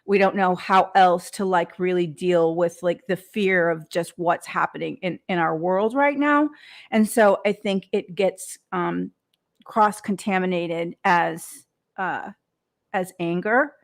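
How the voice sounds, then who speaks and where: A woman who hosts a motivational podcast and works as a coach speaks earnestly in an unscripted monologue, often repeating words and restarting. Her voice is lowish and she takes it slowly.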